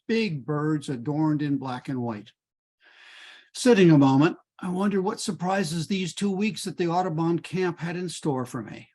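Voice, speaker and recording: An older man reads his own personal story aloud. His voice sits a little high, and he takes his time over every phrase. He reads in a measured, deliberate way. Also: darkish tone.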